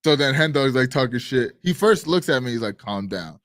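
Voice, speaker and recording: A man co-hosting a live stream show, telling a story in casual chat, animated and swearing, acting out quotes loudly. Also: mid-range voice, a little fast, dry recording, clean studio sound. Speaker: podcast co-host.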